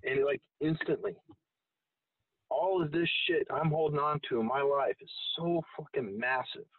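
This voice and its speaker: Husky man swearing, tinny phone sound. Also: a little high, normal speed, no echo, far from the mic. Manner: rambling, heavy swearing. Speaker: guest. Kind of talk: casual storytelling.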